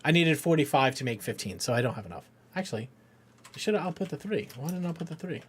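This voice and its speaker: A man's voice: on the high side, lively intonation, fast, slight background noise. A middle-aged man streaming a game for charity, chatting casually, joking, swearing and often laughing. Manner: rambling, jokey, swears freely, laughs often. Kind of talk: casual live-stream chat.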